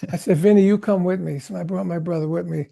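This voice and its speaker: A man in his seventies, a guest drummer, telling rambling, animated stories in a casual interview. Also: sits high, quick pace, gravelly. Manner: animated rambling anecdotes, acts out quotes. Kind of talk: storytelling interview chat.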